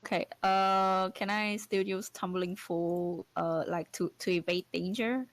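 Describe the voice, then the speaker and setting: A woman's voice: medium pitch, fairly even intonation, a little slow, no room sound, poor audio. A woman playing a tabletop game, hesitant and stumbling, repeating words as she asks questions. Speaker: player. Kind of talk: casual tabletop play.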